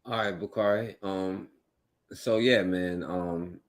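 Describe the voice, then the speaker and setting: A man with a very low, deep voice hosts a loose, casual talk show. He rambles in an easy, conversational way and keeps dropping "you know what I'm saying" between his thoughts. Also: steady tone, slow. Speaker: host. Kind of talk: casual podcast chat.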